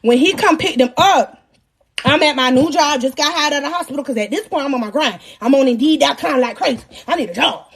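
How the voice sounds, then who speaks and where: A young woman hosting a live stream, telling a personal story in a loud, animated way, cursing freely and laughing often. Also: high-pitched, fast talker. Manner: animated, profane and laughing as she tells the story.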